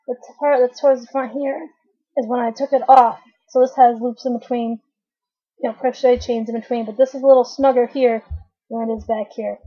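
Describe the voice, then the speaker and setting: Thirtysomething woman talking thru a knitting how-to, kinda high voice, muffled webcam sound, keeps clearing her throat. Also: darkish tone. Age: 30s. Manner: chatty, clears throat often. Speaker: craft tutorial host. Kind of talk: casual knitting tutorial. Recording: dull lo-fi webcam audio.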